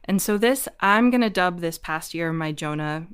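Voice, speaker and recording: A woman in her forties speaks as a podcast guest, open and reflective about her own life. Her voice sits a little low, and she breaks into laughter easily between thoughts. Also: lively intonation, normal speed, clear, resonant tone. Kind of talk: candid personal storytelling in a conversation.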